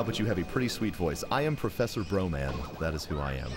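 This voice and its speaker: A man's voice: deep voice, very animated, quick pace, few pauses, music in the background. A man reading donation messages aloud during a live charity gaming stream, with dry, joking announcer delivery.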